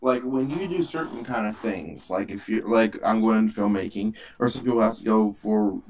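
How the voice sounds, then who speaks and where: Young man, casual podcast chat, hesitant, full of fillers, low voice. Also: normal speed, darkish tone, a little hiss or hum. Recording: distant from the mic.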